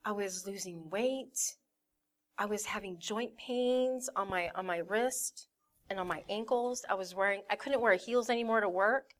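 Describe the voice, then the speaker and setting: A woman's voice: mid-range voice, unhurried. A young woman giving a personal testimony in a candid way, acting out her family's voices as she tells it. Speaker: church member giving a testimony.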